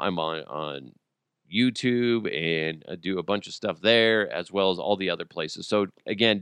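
A man's voice: lowish voice, fairly bright tone, smooth, no echo, studio quality. A man hosting a solo podcast, rambling casually with lots of swearing and jokes. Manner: profane, joking, rambling. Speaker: podcast host.

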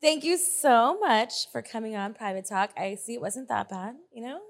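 A woman's voice: on the high side, animated, normal speed. A woman hosting an interview show, chatting casually and cutting in with blunt jokes. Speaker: host.

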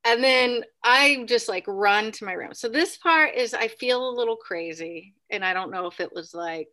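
A woman telling a ghost story in casual chat, full of "like" and "right?", acting out what people said in sudden high bursts. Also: normal speed. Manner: animated, acts out quotes with sudden high bursts; many fillers like "like" and "right?". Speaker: podcast guest.

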